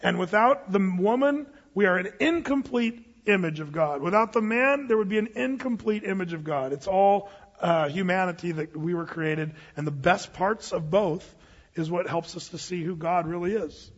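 A middle-aged male pastor with a husky voice, preaching in a conversational, joking way and often repeating his words. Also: high-pitched, moderate pace. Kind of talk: sermon. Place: church sanctuary. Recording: dull hall reverb.

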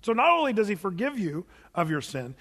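A man preaching a sermon in a church, telling stories with animated delivery and laughing with the congregation. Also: sits high, a little fast, big-room sound. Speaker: pastor. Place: church sanctuary.

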